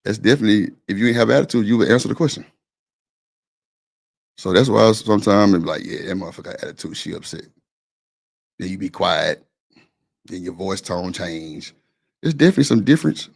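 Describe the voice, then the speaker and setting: A man's voice: lowish voice, lively intonation, a little fast, vocal fry, pauses often. A man streaming live, talking bluntly and laid-back to his chat. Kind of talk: casual livestream chat.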